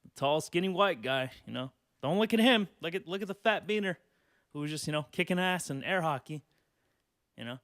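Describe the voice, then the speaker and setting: A man's voice: on the high side, expressive, a little fast, a bit bright, no room sound, studio quality. A man in his twenties hosting a solo podcast, rambling and cursing casually and laughing as he talks. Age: 20s. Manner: rambling, profane, laughs often. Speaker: podcast host.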